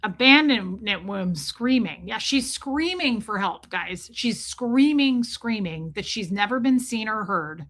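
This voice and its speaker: A woman hosting a livestream, talking fast and emphatically, repeating herself and breaking off to thank viewers in the chat. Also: medium pitch, expressive, a bit bright. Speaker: livestream host. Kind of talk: casual livestream commentary.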